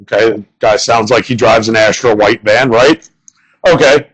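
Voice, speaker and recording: On a bar stage before a live audience, a young stand-up comedian from the northern United States rambles through crude stories packed with swearing. His fairly low voice has a breathy edge at a normal pace, and the recording is rough.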